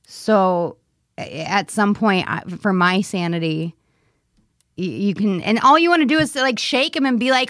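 A woman's voice: on the high side, expressive, unhurried, fairly bright tone, no echo, studio quality. A woman co-hosting a casual podcast chat, talking candidly and laughing often. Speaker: podcast co-host.

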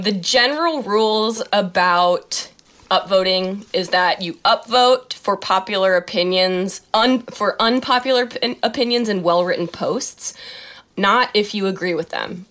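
A woman's voice: medium pitch, a little slow, fairly bright tone. A woman co-hosting a casual podcast, reading out forum rules with joking asides and frequent laughs. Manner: laughs often, reads rules aloud with asides. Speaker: podcast co-host.

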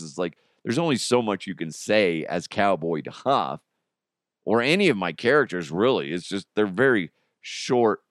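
A low-voiced man hosts a rambling podcast, his pitch swinging widely as he jokes and laughs. His voice sounds strained and worn. The recording is close and dry. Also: dry recording. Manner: jokey, rambling, quick to laugh. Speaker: podcast host. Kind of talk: casual podcast monologue.

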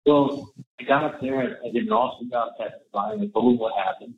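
A man's voice: mid-range voice, steady tone, quick pace, slight background noise. Man on a tinny echoey phone recording. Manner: mocking, imitates a drawl.

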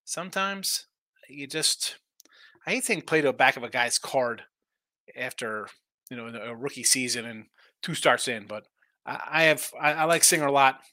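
A man's voice: medium pitch, lively intonation, moderate pace, pushed and bright, no room sound. A middle-aged man hosting a live sports betting show, rambling through his picks and trash-talking teams.

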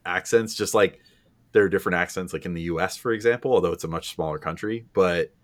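A man co-hosting a sports podcast who works through listener questions in an easy, rambling manner. He talks in a fairly low voice and swears casually. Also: fast. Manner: laid-back, swears casually. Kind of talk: casual chat.

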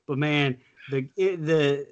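A man co-hosting a casual podcast, talking haltingly with frequent restarts as he explains what he disliked. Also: a little high, clean tone, muffled recording. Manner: halting, many restarts while forming opinions. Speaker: podcast co-host. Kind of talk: casual chat.

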